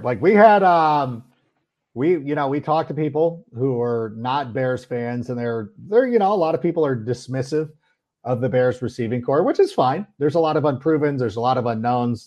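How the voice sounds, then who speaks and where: A man's voice: medium pitch, darkish tone. A man hosting a sports podcast, rambling through self-mocking stories in casual chat. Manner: rambling, self-deprecating storyteller. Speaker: podcast host.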